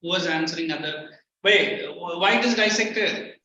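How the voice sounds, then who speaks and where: Teaching in a classroom, a high-pitched man with an Indian English accent talks at normal speed in a pushed, bright voice, blending Hindi into his English and being firm with students. He's captured from afar, so the sound is echoey, muffled and faintly noisy.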